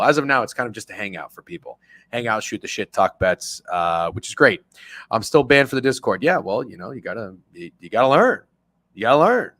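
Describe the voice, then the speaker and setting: A man's voice: medium pitch, fairly bright tone, no echo. A man hosting a sports betting livestream, talking loosely and swearing as he reads chat. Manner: loose, profane, chatty, reads chat aloud. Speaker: sports betting show host. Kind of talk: casual livestream chat with viewers.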